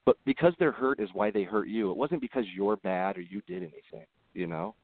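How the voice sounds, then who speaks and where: A man who is a podcast guest, talking earnestly in casual conversation and telling animated stories with frequent restarts. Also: lowish voice, fairly quick, creaky, no room sound. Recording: tinny phone-like line.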